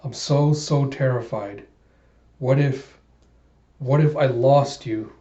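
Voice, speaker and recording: A tormented young man just woken from a nightmare, read by a man, his pleas anxious and shaky. The voice is mellow and dark, heard in a roomy space. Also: medium pitch, takes it slowly, natural voice. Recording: roomy, dull home recording.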